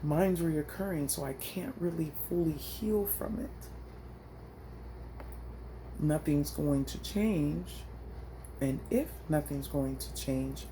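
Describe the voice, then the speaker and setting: A woman's voice: low voice, slow pace, long pauses, mellow, slight background noise. A woman vlogger venting into her phone, frustrated and blunt, with slangy, profane talk. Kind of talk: emotional personal vent.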